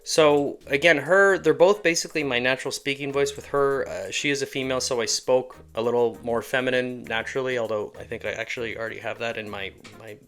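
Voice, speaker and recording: A man talks through his animation workflow in a loose, self-deprecating way. His voice sits at a middle pitch, with soft music faintly under him. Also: brisk, hardly any pauses. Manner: casual, rambling, self-deprecating. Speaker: animator and creator. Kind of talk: tutorial walkthrough.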